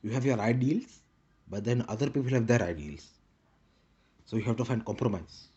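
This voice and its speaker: A man's voice: mid-range voice, animated, normal speed, mellow, slightly rough, dull audio. A man rambling in a casual monologue with a put-on Indian English accent, repeating short clipped broken-English phrases. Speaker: vlogger.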